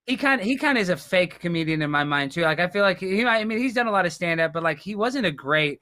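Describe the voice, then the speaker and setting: A young man, a guest on a casual podcast, giving excitable opinions padded with lots of fillers. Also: high-pitched, fast, no echo, clean studio sound. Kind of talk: casual chat.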